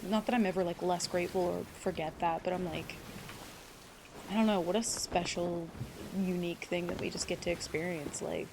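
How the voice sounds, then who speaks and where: A woman streamer rambles to her chat in a gravelly, fry-laced voice, swearing freely and welcoming viewers by name. She is teary as she talks. A steady hiss of noise sits under the recording. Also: fairly low pitch, moderate pace. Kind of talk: casual live-stream chat.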